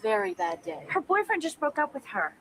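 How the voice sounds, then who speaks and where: A woman's voice: sits high, big pitch swings, brisk, vocal fry, a crowd in the background, full character voice, poor audio. An actress playing a woman lawyer pleading earnestly with a police officer to defend her friend. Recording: TV clip replayed with background noise.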